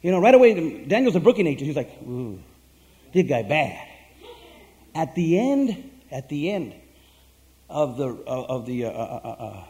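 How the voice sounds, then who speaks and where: Rambling pastor, mellow voice. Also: male voice, on the high side. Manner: rambling, many fillers and restarts, acts out quotes. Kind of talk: casual sermon storytelling.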